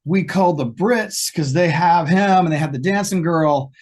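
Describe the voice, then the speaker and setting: A man being interviewed over a video call, telling lively stories and acting out the quoted lines. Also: normal speed. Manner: animated storyteller, acts out quoted lines with a higher pitch. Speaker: guest guitarist. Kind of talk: storytelling in an interview.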